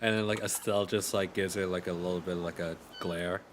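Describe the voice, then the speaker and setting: A man's voice: low voice, steady tone, fairly quick, a little hiss or hum. A man narrating as game master in a tabletop game, casual and full of "like" fillers.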